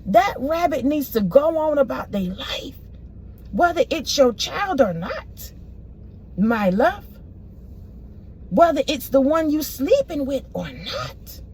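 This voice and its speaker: A woman talks straight to her audience through a spiritual reading. Her voice sits a little high, and she speaks in emphatic, repeating bursts broken up by exclamations. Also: big pitch swings, slow pace, long pauses, darkish tone. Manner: emphatic, repetitive, exclaims "oh my goodness". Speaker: tarot reader.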